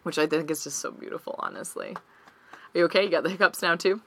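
A woman's voice: on the low side, fairly bright tone, slight background noise. A woman co-hosting a podcast in casual chat, joking and swearing freely. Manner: chatty, swearing, jokey, quick asides. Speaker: podcast co-host.

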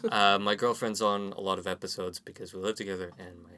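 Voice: deep voice, steady tone, fast, bright, forceful tone. A guest on a podcast describing their own show casually, with many ums and hesitations.

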